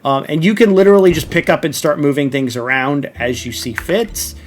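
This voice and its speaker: A man's voice: fairly high pitch, animated, fairly quick, a little hiss or hum. A man streaming a video game, explaining it in casual, rambling commentary full of fillers and "right?" check-ins.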